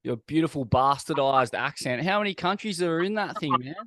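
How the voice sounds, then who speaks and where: A man's voice: fairly high pitch, lively intonation, fairly quick, a bit bright, no echo. A man hosting an interview show, asking questions in an enthusiastic, rambling, laid-back way. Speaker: podcast host. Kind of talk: casual interview chat.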